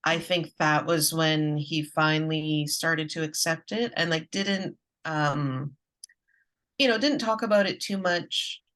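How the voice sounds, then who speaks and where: A woman hosting a casual conversation, speaking calmly and reflectively, with soft replies while she listens. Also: sits low, slow. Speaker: host.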